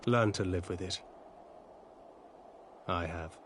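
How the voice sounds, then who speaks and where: A man's voice: sits low, slow, background noise. An actor playing a stern, weary man hardened by loss in a video game cutscene, speaking in grave, clipped lines.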